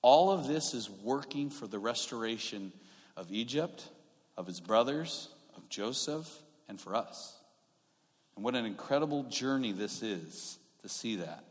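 A man's voice: medium pitch, expressive, unhurried. A man preaching a sermon in a conversational way, growing emphatic and often restarting his sentences. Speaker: pastor. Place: church sanctuary. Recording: long hall reverb.

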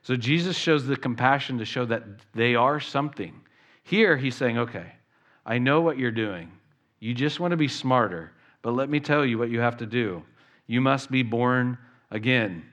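A man preaching a sermon as pastor, talking in an animated way and acting out the voices of the people he quotes. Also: medium pitch, normal speed.

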